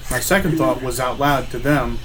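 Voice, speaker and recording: A man taking part as a player in a tabletop game, describing his actions in a relaxed way. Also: medium pitch, moderate pace, a little hiss or hum, low-quality recording.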